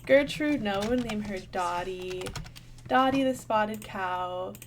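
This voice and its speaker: This young woman runs a gaming channel and talks her viewers through her play in a casual, bubbly way, thinking out loud as she goes. Her voice sits at medium pitch and moves slowly, with a little background noise.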